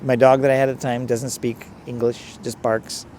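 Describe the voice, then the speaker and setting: Priest, mid-pitched, conversational and rambling, reflection recorded outside with faint traffic. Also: male voice, flat delivery, moderate pace, a little mellow. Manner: conversational, rambling, direct address to listeners. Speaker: priest, pastor. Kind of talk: reflective sermon-style talk.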